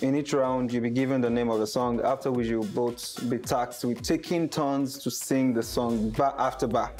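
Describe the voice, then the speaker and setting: A man's voice: mid-range voice, steady tone, moderate pace, darkish tone, soft background music. A young man with a Nigerian accent joking boisterously as a contestant in a party game. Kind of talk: playful game banter.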